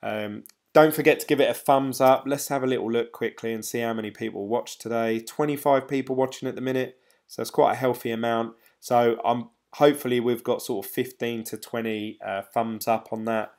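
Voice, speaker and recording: A chatty man hosting a livestream and answering viewer comments. His voice sits at an ordinary middle pitch, and he rambles loosely in a relaxed, informal way. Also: brisk. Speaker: crypto livestream host. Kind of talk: casual livestream chat reading viewer comments.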